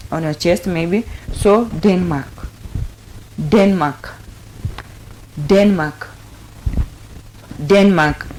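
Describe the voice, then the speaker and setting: A woman hosting a sign language lesson, calmly repeating each word several times as she explains the signs. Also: medium pitch, slight background noise, poor audio. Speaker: sign language teacher and host. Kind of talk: slow step-by-step instruction.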